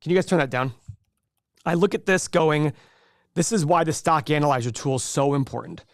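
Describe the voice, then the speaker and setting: A fairly high-voiced man leads a live investing class, talking with energetic, animated enthusiasm. His voice is close and dry, with no room sound around it. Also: no echo. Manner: energetic, animated salesman pitch. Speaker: host teaching an investing class. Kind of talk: live webinar teaching.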